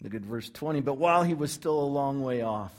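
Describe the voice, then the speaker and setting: A man preaching a sermon, telling a story with lively acted-out crowd reactions. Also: mid-range voice, a little fast. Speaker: pastor.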